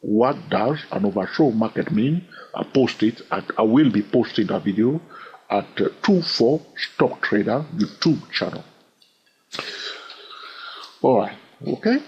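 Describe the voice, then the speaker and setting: A man explaining trading in an instructional talk, his pitch lively and rising and falling. He keeps dropping in "okay" and "all right" and repeats himself as he works through a point. Faint noise sits under his voice. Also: highs cut off. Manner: animated, often fills pauses with "okay" and "all right"; repeats phrases while thinking aloud. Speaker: trading educator.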